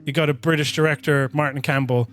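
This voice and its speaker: Rambling man with a higher voice. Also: steady tone, fast talker, soft background music. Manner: rambling, self-interrupting, laughs often. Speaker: podcast co-host. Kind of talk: casual film discussion.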